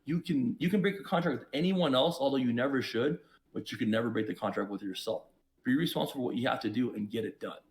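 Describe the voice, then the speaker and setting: Emphatic man preaching life lessons. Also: quick pace. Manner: emphatic and preachy, with sharp swings in pitch and loudness. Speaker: podcast guest, investor and entrepreneur. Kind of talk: reflective storytelling.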